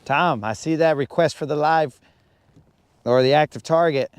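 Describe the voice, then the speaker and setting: A man's voice: on the high side, normal speed, clean tone, no echo. A man hosting a live fishing stream from his boat, chatting casually and slangily with viewers. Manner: laid-back, slangy, talks to chat viewers. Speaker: fishing livestream host. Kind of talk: casual livestream chat.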